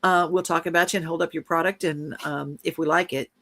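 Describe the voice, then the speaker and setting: A woman's voice: low-pitched, steady tone, brisk, a bit bright. A woman co-hosting a podcast, talking enthusiastically in casual chat about travel and upcoming plans. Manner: enthusiastic, promotional. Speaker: podcast co-host.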